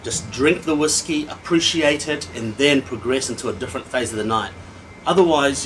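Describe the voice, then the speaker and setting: A man's voice: mid-range voice, normal speed, slight background noise, poor audio. Tipsy man ranting over a whisky. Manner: animated, ranting, swears freely. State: a little tipsy. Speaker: whisky reviewer. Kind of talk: casual tasting review.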